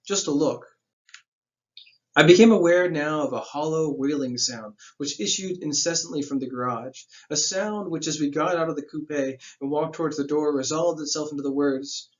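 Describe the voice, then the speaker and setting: A man's voice: on the high side, moderate pace, hardly any pauses, dull audio. Man reading a novel aloud, then explaining. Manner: stops reading to explain the plot in plain slang.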